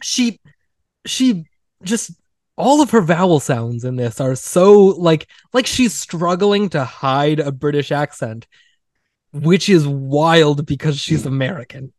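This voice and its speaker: A podcast host, a man whose voice sits a touch high, talks in a loose, wry way and keeps slipping into mocking quoted line readings. The sound is close and dry with no room echo. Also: animated, a little slow, darkish tone. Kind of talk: casual film discussion.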